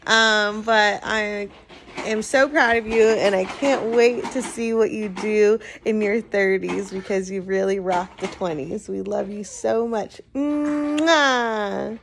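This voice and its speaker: A woman's voice: mid-range voice, steady tone, unhurried, vocal fry, a little hiss or hum. A woman recording a birthday message as an aunt, speaking tenderly and coaxing her small children to join in. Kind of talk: casual home video message.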